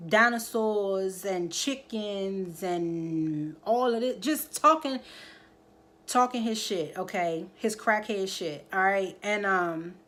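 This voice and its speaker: A woman's voice: mid-range voice, slow pace. A woman recapping a TV drama episode in casual chat, acting out the characters' lines and talking straight to her viewers. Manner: animated storytelling, acts out the characters' lines; addresses viewers directly, keeps checking in with "okay?". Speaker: TV episode reviewer.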